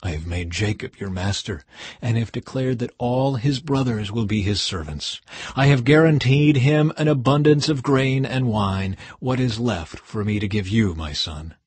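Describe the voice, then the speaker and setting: A man voicing an old blind father who speaks with a slow, solemn cadence. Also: medium pitch, expressive, a little mellow, breathy edge, dry recording.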